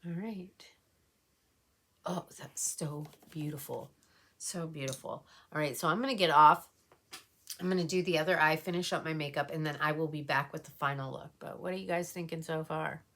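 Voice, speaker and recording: A woman's voice: deep voice, fairly even intonation, fairly quick, a bit bright. A woman talking casually while doing her makeup, emotional and rambling, with many fillers. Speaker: beauty vlogger. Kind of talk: casual get-ready-with-me chat.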